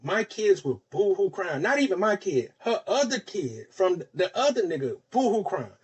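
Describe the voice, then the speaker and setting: This podcast host has a high, breathy-edged voice at a moderate pace. He animatedly shares a long personal anecdote in casual chat, imitating the voices of the people in it.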